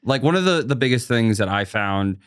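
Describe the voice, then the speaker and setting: A man chatting as a podcast guest in a studio, animated and telling stories. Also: medium pitch, a little fast, clean tone, no room sound. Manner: animated storyteller, acts out quotes. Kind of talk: casual chat. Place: recording studio.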